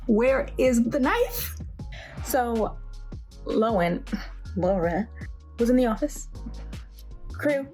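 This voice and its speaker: A woman's voice: fairly high pitch, darkish tone. A young woman vlogging casually about a book, reacting dramatically and in disbelief to the plot. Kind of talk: casual chat.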